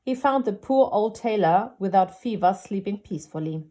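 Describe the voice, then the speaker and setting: A woman reading a classic storybook aloud as a gentle, unhurried storyteller. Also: medium pitch, lively intonation.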